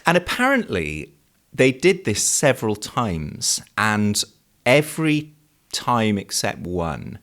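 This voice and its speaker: Low-voiced chatty male podcast co-host. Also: wildly swooping pitch, slow, fairly bright tone. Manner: chatty storytelling, laughs often. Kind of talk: casual chat.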